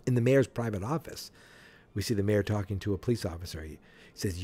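A man's voice: on the low side, a little fast, warm tone, husky. A man hosting a podcast, casually recapping a comic in a chatty, wry way with asides. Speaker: podcast host.

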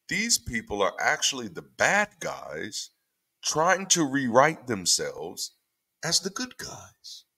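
A man, a former pastor, talking casually through scripture with an animated, irreverent manner and frequent repeated-word restarts. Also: mid-range voice. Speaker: former pastor leading a Bible study. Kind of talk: casual spoken commentary on scripture readings.

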